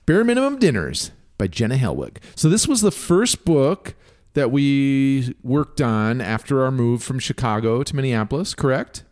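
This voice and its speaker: Lively, teasing male podcast co-host. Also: mid-range voice, moderate pace. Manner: easygoing, teasing, lively intonation. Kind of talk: casual chat.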